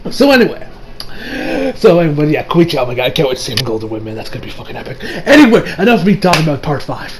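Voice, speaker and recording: A young man casually reviewing an anime episode, excitable and profane, rambling with many restarts and acting out scenes. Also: on the high side, very fast, noisy background.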